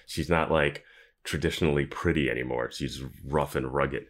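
A man's voice: extremely low pitch, fairly even intonation, moderate pace, a bit bright. A man casually discussing a TV episode on a podcast, laughing and joking about plot holes. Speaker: podcast co-host. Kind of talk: casual chat.

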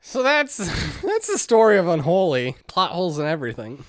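A man co-hosting a podcast in casual chat, swearing and acting out characters in quick quotes, laughing often. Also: high-pitched, wildly swooping pitch, no echo, studio quality. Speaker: podcast co-host. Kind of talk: casual chat recapping a game.

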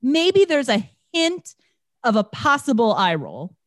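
A woman's voice: high-pitched, wildly swooping pitch, slow, no echo, clean studio sound. A woman co-hosting a podcast, recapping a movie in casual chat, sarcastic and swearing as she acts out the characters' lines. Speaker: podcast co-host.

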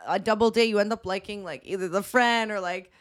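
Young woman telling a story, animated and laughing. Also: medium pitch, fairly quick. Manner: animated, laughing, acts out quoted voices. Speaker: podcast co-host. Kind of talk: casual chat, storytelling.

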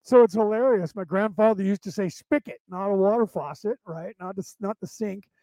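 A man from central California with a Southern drawl and Boston touches, hosting a podcast in fast, rambling casual talk full of fillers. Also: high-pitched, dark tone, no echo, low-quality recording. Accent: American with Southern drawl and Boston touches. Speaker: podcast host.

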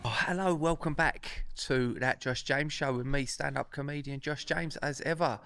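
A man's voice: on the high side, moderate pace, sharp tone, smooth, faint music behind. A man, a stand-up comedian hosting a casual podcast with jokey, teasing banter.

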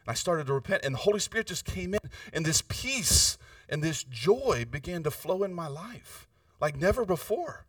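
Male pastor, earnest conversational sermon, keeps tossing in "right?"; sharp bright tone, recorded dry from a distance. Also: sits high, very animated, moderate pace, no room sound.

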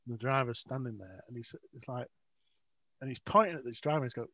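A man's voice: medium pitch, fast talker, sharp tone, no echo. A man, an author, telling rambling, self-mocking stories with frequent laughs in a casual interview. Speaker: author, guest. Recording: dry, dull lo-fi audio.

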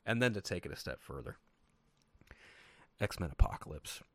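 Animated, swearing podcast host. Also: male voice, low voice, quick pace, creaky. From Sacramento, California. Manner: animated, profane storytelling with lots of voiced quotes. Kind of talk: casual chat.

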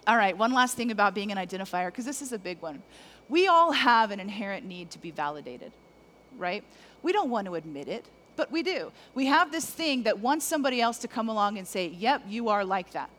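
A middle-aged woman preaching a lively, conversational sermon to men, talking straight to the audience. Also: medium pitch, brisk. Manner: animated, conversational, addresses the audience directly.

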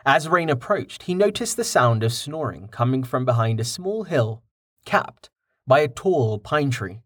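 A man narrating a fantasy audiobook in an expressive storytelling style on a close mic. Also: mid-range voice, dry recording.

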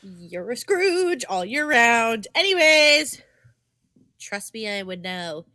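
A woman's voice: on the high side, sing-song, takes it slowly, sharp tone, no room sound. A woman co-hosting a podcast in casual chat, teasing and impatient, swearing freely. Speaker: podcast co-host.

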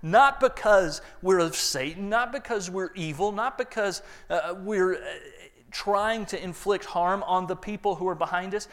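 Pastor, male, slightly higher voice, dramatic sermon delivery with loud-to-hushed swings.

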